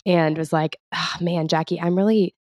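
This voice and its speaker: A woman's voice: fairly low pitch, fairly even intonation, normal speed, dry recording, clean studio sound. A woman co-hosting a podcast, talking candidly and reflectively in a casual chat. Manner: reflective, candid, soft-spoken. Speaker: podcast co-host.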